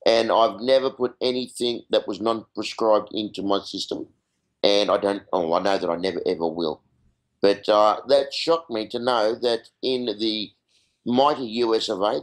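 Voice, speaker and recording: A man's voice: lowish voice, rough recording. A man calling in to a radio show, talking earnestly. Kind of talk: casual phone-in chat.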